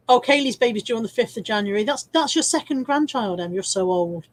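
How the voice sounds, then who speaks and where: A middle-aged woman, chatting on a casual live stream. Her voice sits fairly high. She reads out comments in a cheeky, swearing, easygoing way and laughs often. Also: dry recording. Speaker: live stream host reading viewer comments. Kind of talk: casual chat.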